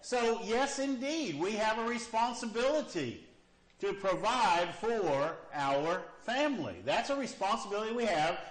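A man's voice: sits high, animated, measured pace. A man pastor preaching a sermon to a congregation, who often stops to ask "okay?" to check that his listeners are following. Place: church hall with a congregation, also live-streamed. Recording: echoey church hall.

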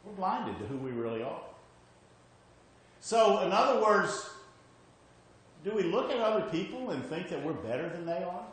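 A man's voice: high voice, sing-song, normal speed, pauses often. A man preaching a sermon, emphatic, repeating his points and often checking in with "okay?". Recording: very echoey hall with faint ambience.

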